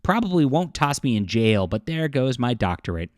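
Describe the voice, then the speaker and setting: A man mockingly reading a comic-book woman scientist's lines in a raised, breathy, sing-song put-on voice. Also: mid-range voice, sing-song, normal speed, no echo, studio quality, lightly acted.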